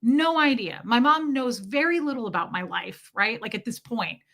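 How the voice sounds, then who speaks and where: A woman's voice: on the high side, expressive, moderate pace, fairly bright tone. A woman from Kansas City, podcast host, telling a personal story candidly and emotionally with lots of "like" fillers. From Kansas City, USA.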